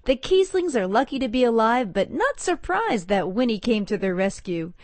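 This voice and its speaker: A woman reporter reading a scripted radio story in a clear, measured way. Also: on the high side, sing-song, a little mellow, no room sound. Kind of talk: scripted news segment.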